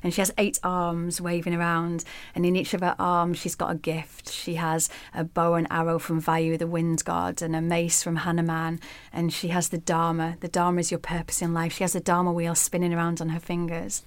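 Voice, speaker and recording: Low-voiced woman telling a myth. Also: moderate pace, clear, resonant tone, dry recording. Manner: vivid, expressive storyteller. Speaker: podcast guest. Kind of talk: storytelling in an interview.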